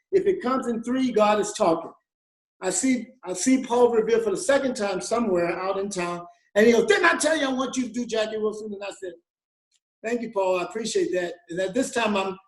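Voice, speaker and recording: Brief: man, guest storyteller, high pitched, lively quoted voices, echoey room. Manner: animated storyteller, acts out quoted voices, laughs often. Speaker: guest musician. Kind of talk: storytelling in an interview.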